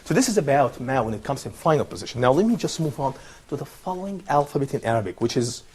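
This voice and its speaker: A man's voice: medium pitch, very animated, fast talker, a little mellow, husky. A man teaching an online Arabic lesson, patient and encouraging, repeating words and praising his students.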